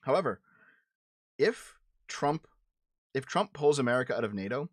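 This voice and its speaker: This livestream show host, a man with an expressive, medium-pitched voice at normal speed, argues politics with his chat in a blunt, profane style. Heated moments bring repeated and restarted words, and the studio sound is clean with no echo.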